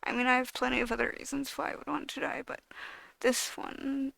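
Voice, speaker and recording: High, heavily gravelly young woman vlogger. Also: little pitch movement, fairly quick, a bit bright, dry recording. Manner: frustrated, profane, blunt venting; swings between mumbling and raised voice. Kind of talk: casual to-camera rant.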